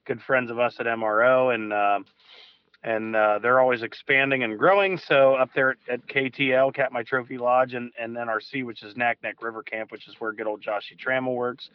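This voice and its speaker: A man's voice: medium pitch, steady tone, normal speed, clear, resonant tone. A man, a fishing guide calling in to a show, telling a long story in a loose, casual way with restarts and the odd swear word. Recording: dull lo-fi call audio.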